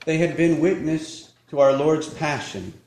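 Slow, measured male preacher in an echoey church. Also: a little high, a little mellow, slight background noise. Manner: slow, measured preaching with pauses and self-corrections. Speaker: priest. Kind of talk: sermon at Mass.

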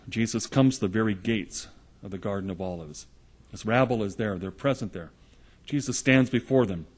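Male preacher, husky timbre, earnest storytelling sermon delivery. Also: lowish voice. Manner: earnest storytelling, retelling gospel scenes in the present tense.

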